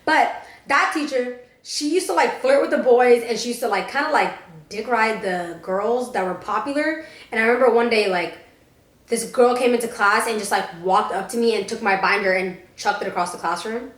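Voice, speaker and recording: A woman's voice: a little high, moderate pace, echoey room. A young woman co-hosting a casual podcast, telling blunt stories and swearing freely. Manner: blunt storytelling, frequent swearing. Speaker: podcast co-host. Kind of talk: casual chat.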